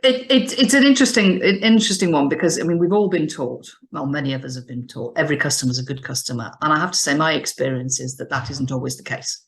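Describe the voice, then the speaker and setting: A woman business advisor explaining customer strategy in an animated, emphatic way, often restarting her phrases. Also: low voice, fast, hardly any pauses. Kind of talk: business advice discussion.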